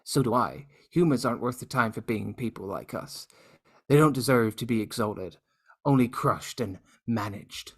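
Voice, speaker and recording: A man's voice: medium pitch, expressive, moderate pace. Man reading as a scornful robot villain.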